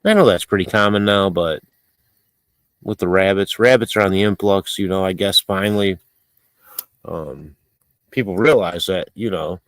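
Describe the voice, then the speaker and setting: This man hosts a livestream in a low-pitched voice at normal speed, pausing often, with no echo. Chatting casually over viewer comments, he rambles and makes fun of himself, laughing a lot and leaning on fillers.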